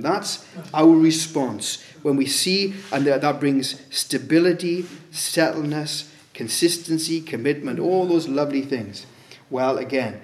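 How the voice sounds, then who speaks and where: Preacher, conversational sermon. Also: male voice, on the high side. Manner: conversational preaching with rhetorical questions. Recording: echoey room.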